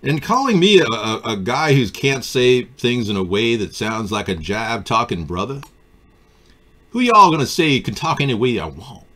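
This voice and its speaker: A male live stream host chats casually about politics, answering viewers in a sardonic, riffing way. His pitch swings around freely as he talks. Typing on a keyboard can be heard near him. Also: sing-song, normal speed, fairly bright tone. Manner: sardonic, riffs off viewer comments.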